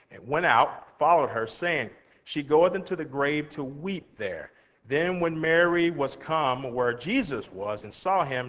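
A man with a slightly high voice preaches a sermon, reading scripture aloud and then explaining it in plain words. He asks his listeners rhetorical questions as he goes. His voice rings out with a long reverb, as in a big hall. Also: a bit bright.

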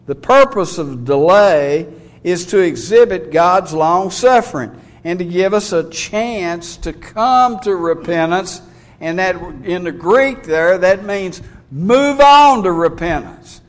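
Fervent high-voiced preacher. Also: male voice. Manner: folksy, rising to fervent shouts when preaching. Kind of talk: sermon.

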